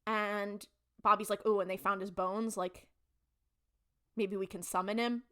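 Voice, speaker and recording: A woman's voice: medium pitch, little pitch movement, unhurried, a bit bright. A young adult woman co-hosting a podcast, animatedly retelling an episode and acting out the characters' lines. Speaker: podcast co-host. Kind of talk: casual chat recapping a TV episode.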